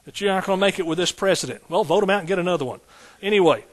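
A man's voice: high-pitched, racing. A man preaching a sermon as pastor, building points through rhythmic repetition and folksy asides.

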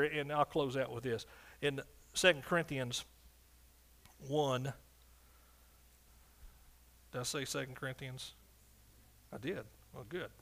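A man gives a sermon in his role as pastor, swinging from loud pronouncements to quiet asides and regularly calling out for an amen. His voice runs somewhat high.

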